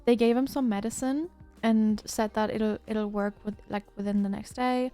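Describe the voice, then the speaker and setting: A woman's voice: medium pitch, fairly even intonation, normal speed, dark tone, soft background music. A woman livestreamer chatting casually, telling a rambling story with lots of fillers and restarts.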